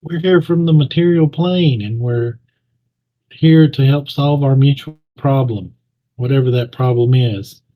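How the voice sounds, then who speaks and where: A man speaks in character during an online tabletop game, earnest and measured. He talks slowly, and his audio comes through a little muffled over the call. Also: medium pitch. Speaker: player.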